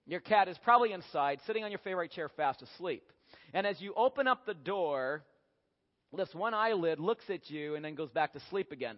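A man delivers a sermon with animated, humorous storytelling. His voice sits high for a man. The recording is dull and lo-fi, with a long hall reverb. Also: a little fast. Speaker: preacher. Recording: echoey hall, dull lo-fi sound.

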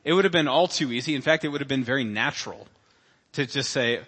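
Preaching a sermon in a church sanctuary, a male pastor speaks fast at a medium pitch with a bright, forceful, slightly rough voice. His style is loose and conversational, full of asides and imagined people he voices, while the room adds a long, ringing reverb.

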